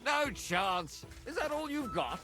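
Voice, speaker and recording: An actor playing a cocky young swordsman who shouts taunts and battle cries in a video game duel. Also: extremely high pitch, very animated, takes it slowly, over music, exaggerated voice. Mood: taunting. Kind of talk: video game combat barks.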